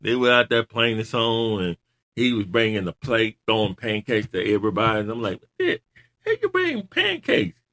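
A man chatting casually in loose grammar, rambling and laughing often as he tells animated stories. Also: on the low side, fairly quick. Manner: animated storyteller. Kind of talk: casual chat watching wrestling.

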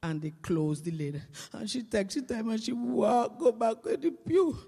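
A Vincentian woman, a teacher, telling comic stories to an audience in a lively, animated way. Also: a little high, moderate pace, gravelly, breathy edge, big-room sound. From Saint Vincent and the Grenadines. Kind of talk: comic stage storytelling.

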